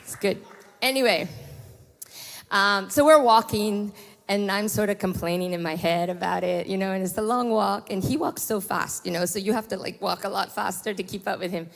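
A middle-aged woman pastor, preaching a sermon with lively storytelling asides. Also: medium pitch, moderate pace, vocal fry. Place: church hall. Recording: long hall reverb.

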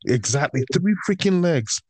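A man's voice: on the high side, expressive, moderate pace, a little mellow, breathy edge, no room sound. A man in casual chat, ranting heatedly about football with constant swearing and slang. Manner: heated, profane rant with slang like bro. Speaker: podcast host and football fan.

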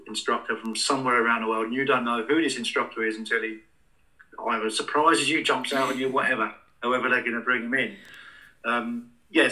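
A man's voice: medium pitch, pushed and bright, poor audio. A man, telling a long anecdote in an interview in a rambling, casual way with many restarts. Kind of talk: casual storytelling.

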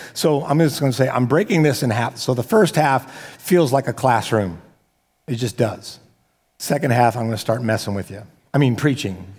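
A man's voice: mid-range voice, a little mellow, husky. A man preaching a sermon as pastor, talking casually with joking asides and frequent restarts. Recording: long hall reverb.

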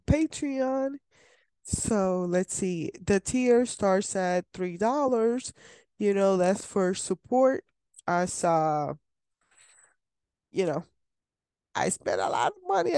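A woman's voice: mid-range voice, a little mellow, no room sound. A woman hosting a solo podcast from her desk at home, chatting in a rambling, enthusiastic way. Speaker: podcast host.

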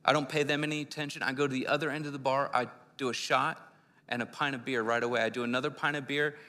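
A man's voice: medium pitch, fairly even intonation, fast, sharp tone. A man from Philadelphia preaching a sermon, telling his own testimony in an earnest, conversational way. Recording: long hall reverb.

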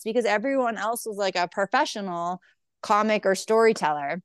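A woman's voice: medium pitch, expressive, fast talker, dry recording, studio quality. A woman comedian telling stories in casual chat, acting out quoted voices, saying "like" a lot and swearing freely. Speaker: stand-up comedian guest.

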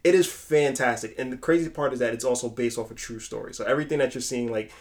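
A young man co-hosting a podcast in casual chat, animated and profane, with stretches where he acts out lines himself. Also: medium pitch, quick pace. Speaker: podcast co-host.

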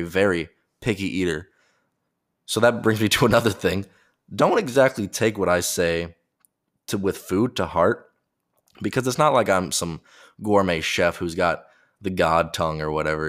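Low-voiced joking young man hosting a podcast. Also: fairly bright tone. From America. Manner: jokey, rambling, self-deprecating. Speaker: podcast host. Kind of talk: casual solo podcast monologue.

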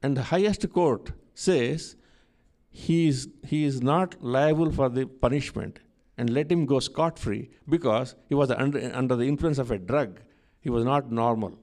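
A man's voice: medium pitch, a little slow, darkish tone. A man preaching a sermon, telling a scripture story and repeating key phrases for emphasis.

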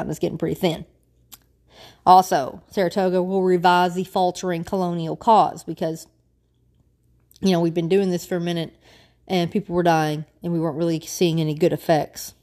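A woman's voice: on the low side, darkish tone. Lady teaching history, chatty and loose, throws in little jokes. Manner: chatty, informal asides, spells out names. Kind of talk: casual lecture.

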